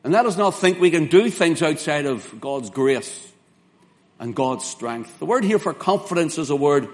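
A man delivers a sermon, earnest and emphatic, leaning hard on key words. His voice sits a little high for a man. He quotes scripture in old King James wording. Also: lively intonation. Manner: earnest, emphatic preaching with slow spelled-out words and dramatic quoted lines. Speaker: preacher.

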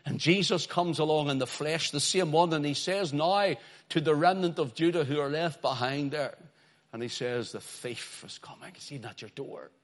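A man's voice: on the high side, moderate pace. Impassioned preacher man. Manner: impassioned preaching, swings from quiet to shouting. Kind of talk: sermon.

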